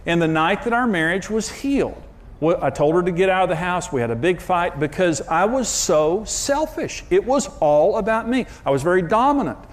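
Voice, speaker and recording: Leaning hard on his punchlines, a man preaching about marriage shares candid, self-mocking personal stories with real emphasis. He speaks at a normal speed in a high, animated voice.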